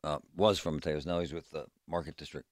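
A middle-aged man co-hosting a radio talk show, telling stories in an animated, ranting way. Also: very deep voice, fast talker, dry recording, studio quality. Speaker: radio co-host. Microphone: studio microphone.

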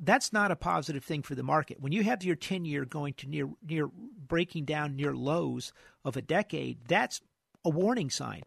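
A man hosting a financial radio show, losing his voice, talking fast about markets with many restarts and repeated words. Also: fairly high pitch, vocal fry, slightly rough, no echo, studio quality.

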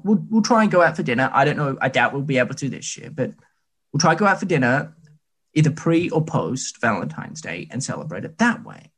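A man in his late twenties talks in a husky, slightly rough voice. His pitch swings in a lively way as he rambles through casual, self-deprecating anecdotes. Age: late 20s. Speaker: podcast co-host. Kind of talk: casual chat.

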